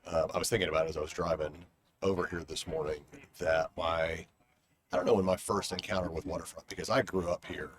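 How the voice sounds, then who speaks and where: Very deep-voiced man reminiscing. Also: level tone, fast talker, a crowd in the background. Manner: reflective, rambling storyteller. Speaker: former board member. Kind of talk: casual conversation. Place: outdoor garden bench.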